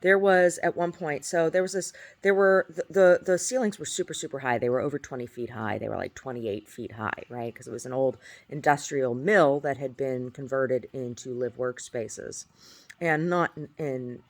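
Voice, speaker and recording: A woman's voice: extremely low pitch, normal speed. A woman talking casually into her video diary at home, rambling and aggrieved, often restarting her phrases. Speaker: video diarist.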